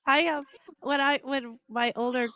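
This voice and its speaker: A woman's voice: sits high, steady tone, a little slow, bright, forceful tone, no echo. A woman telling chatty, self-mocking stories on a casual podcast. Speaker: podcast guest. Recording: dry, dull lo-fi mic.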